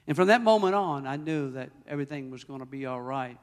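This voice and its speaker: A man preaching a sermon as pastor, emphatic, swinging between loud declarations and hushed, personal storytelling. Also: mid-range voice, fast talker, hardly any pauses, long reverb tail.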